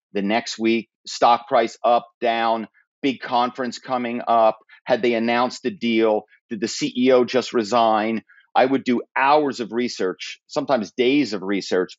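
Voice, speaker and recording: A man answers interview questions in a lively storytelling way, slipping into quick impressions of callers. His voice sits in a middle range. The sound is dry and a little dull. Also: mid-range voice, no room sound. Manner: animated storyteller, acts out phone voices and accents. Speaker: guest, former corporate spy and author.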